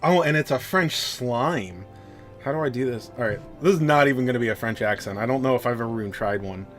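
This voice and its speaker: A man's voice: medium pitch, fast, faint music behind. Sweary, joking male streamer. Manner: swearing, joking, self-deprecating, easily sidetracked. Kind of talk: casual live-stream chat, reading a game story aloud.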